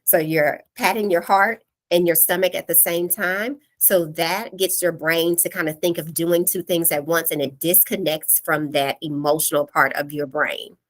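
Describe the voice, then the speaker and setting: Woman with a lowish voice walking parents through tips, practical, explains step by step in a casual workshop talk. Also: fairly even intonation, normal speed, hardly any pauses.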